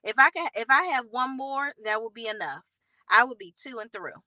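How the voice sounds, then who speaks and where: A woman hosting a reality TV recap vlog, talking bluntly and with sass, in slangy, animated storytelling. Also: fairly high pitch, moderate pace, no room sound, low-quality recording. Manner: blunt, sassy, slangy commentary; animated storytelling with acted quotes.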